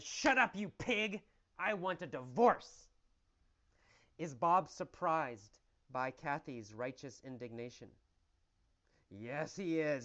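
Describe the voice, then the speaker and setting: A man teaching English through a story, asking questions and answering them in an animated, exaggerated way. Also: fairly high pitch, lo-fi sound.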